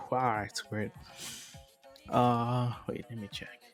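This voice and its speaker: A man loosely narrating a made-up anime story at a slow, easy pace, wandering off track and laughing at himself. His pitch sits in the middle, and faint music plays underneath. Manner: rambling, laughs at himself, self-correcting. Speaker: video creator. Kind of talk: casual retelling of a fan story.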